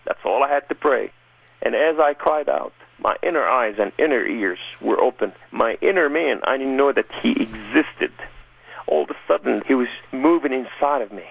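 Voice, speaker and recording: A man's voice: mid-range voice, moderate pace, gravelly, breathy edge, no echo. A man giving an emphatic, impassioned personal conversion testimony as an interview guest. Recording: narrow phone-like radio sound.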